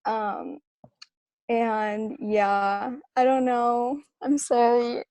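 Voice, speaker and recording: Woman contestant, pleading and rambling, mellow tone, dry sound. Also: a little high, flat delivery, drawn-out words, no echo. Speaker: game contestant. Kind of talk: casual eviction plea.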